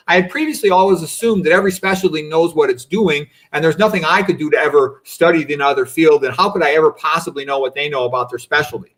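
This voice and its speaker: A man's voice: fairly high pitch, fast talker, few pauses, a bit bright. A man in his fifties, a doctor guest on a video-call talk show, speaking in a reflective, rambling way with many asides. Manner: reflective, rambling, frequent "you know" and "okay". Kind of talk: casual interview answers.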